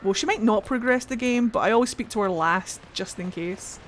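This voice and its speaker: A woman's voice: on the high side, brisk, a little hiss or hum. Chatty Geordie woman streaming games. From Newcastle, England. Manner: chatty, swears freely, answers chat aloud. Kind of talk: casual gameplay chat.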